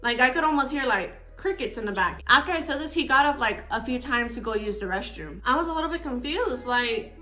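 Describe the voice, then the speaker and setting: A young woman vlogger telling a story in casual chat, animated and full of "like"s. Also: on the high side, brisk, few pauses, faint music behind. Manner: animated, filler-heavy storytelling with many "like"s.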